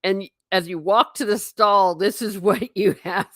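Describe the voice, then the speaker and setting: A woman's voice: mid-range voice, steady tone, a little slow, no echo, studio quality. A woman vlogger chatting casually with her viewers, giggly and self-mocking. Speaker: travel vlogger reading live chat. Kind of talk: casual live-stream chat.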